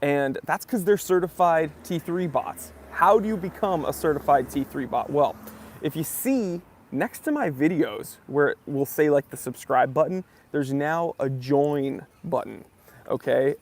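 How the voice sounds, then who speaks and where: A man's voice: a little high, expressive, measured pace. A young man from New Hampshire hosting a casual live stream, chatting with viewers and greeting them by name. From southern New Hampshire.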